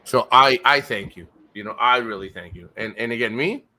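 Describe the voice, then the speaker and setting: A man with a bright, forceful voice talking on a live stream. He rambles, restarts his sentences and retells conversations in an emotional, casual way. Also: mid-range voice, normal speed.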